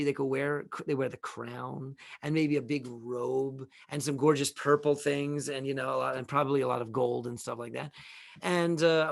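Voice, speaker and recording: A man's voice: on the high side, vocal fry, no echo, studio quality. A man hosting a live talk show, speaking in a casual, folksy way, rambling with many restarts and repeated words. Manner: conversational, folksy. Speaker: host.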